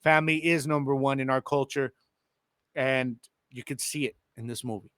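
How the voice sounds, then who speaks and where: A man hosting a casual solo podcast with a Chicano English accent, talking to his listeners in a lively, slangy way. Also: mid-range voice, normal speed, no echo, studio quality. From El Paso, Texas. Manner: animated, slangy, addresses listeners directly. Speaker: podcast host.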